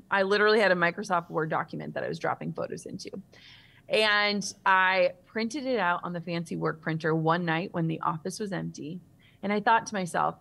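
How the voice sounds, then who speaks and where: Woman in her 30s with a bit of fry, lower voice, telling her story all lively in an interview. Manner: vivid, animated storyteller. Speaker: author guest.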